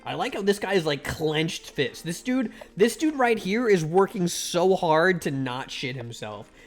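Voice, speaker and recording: This man's voice sits high, with lively intonation and an unhurried pace. He's streaming a game and reading it aloud, joking irreverently with his chat and stopping to thank them. Faint music plays behind him.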